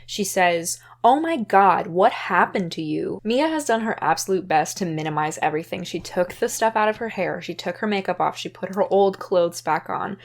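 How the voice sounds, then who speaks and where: A woman's voice: fairly low pitch, lively intonation, fairly quick, few pauses. A young woman hosting a podcast, casually recapping a novel in a chatty, conversational way. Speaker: podcast host.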